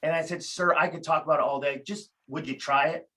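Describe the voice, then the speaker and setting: A man talking casually as a podcast guest, telling animated stories with frequent restarts. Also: fairly high pitch, fairly quick, low-quality recording. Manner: animated storyteller, many restarts. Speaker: guest, tool company founder.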